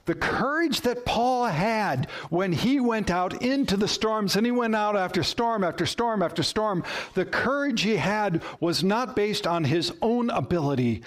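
A man delivers a sermon from the pulpit, his voice sitting a little higher than most men's. He speaks very slowly and deliberately. On key words he sinks to a low, quiet tone. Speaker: pastor.

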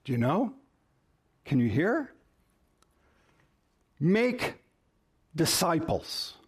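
A man's voice: a little high, darkish tone. A man preaching a sermon as pastor, emphatic, shifting his stress and pace to drive points home.

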